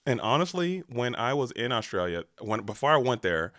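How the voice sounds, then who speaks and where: A man's voice: medium pitch, normal speed, no echo, clean studio sound. A man from the United States, an esports caster, chatting and joking playfully with his co-hosts between matches. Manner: animated, playful, bursts of excited emphasis. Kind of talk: casual banter between casters.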